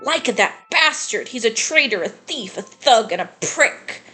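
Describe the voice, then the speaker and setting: A woman's voice: fairly high pitch, expressive, measured pace, sharp tone, faint music behind. A woman reading aloud the lines of an angry, vengeful male gang member from a video game, cursing in a heated way. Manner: reads game dialogue aloud plainly, heated curses.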